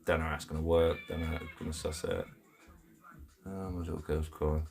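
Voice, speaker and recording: A man's voice: extremely low pitch, level tone, fairly quick, creaky, a little mellow, soft background music. A man with an English accent hosting a casual live stream, chatting bluntly in heavy slang, laughing often and reading out viewers' comments from his home. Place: home, indoors.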